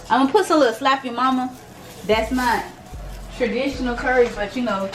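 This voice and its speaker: A young woman chatting casually and teasingly while she cooks for her channel. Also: sits high. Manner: playful, teasing, slangy. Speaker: cooking vlogger. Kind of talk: casual cooking chat.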